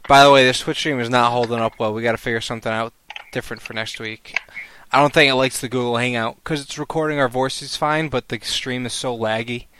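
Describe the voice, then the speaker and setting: A man hosting a casual podcast chat, talking loudly and animatedly and laughing often. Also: medium pitch, steady tone, brisk, smooth. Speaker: podcast host.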